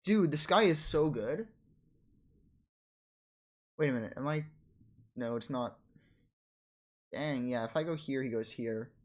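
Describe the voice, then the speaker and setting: A man's voice: medium pitch, animated. Frustrated man narrating his chess game. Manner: frustrated, self-critical, talks in quick bursts and trails off. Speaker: chess streamer reviewing his own game. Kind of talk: casual self-commentary over a chess game.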